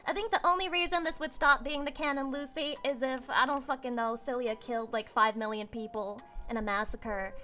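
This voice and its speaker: A woman livestreamer chatting casually with her viewers, excitable and swearing freely. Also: high-pitched, fairly quick, few pauses, soft background music. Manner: excitable and swearing, with squeals and laughs.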